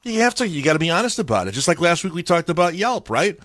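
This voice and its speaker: A man from Chicago hosting a morning radio show, chatting casually in an animated, storytelling way at a studio mic. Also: on the high side, fast, no room sound. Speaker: radio host. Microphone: studio microphone.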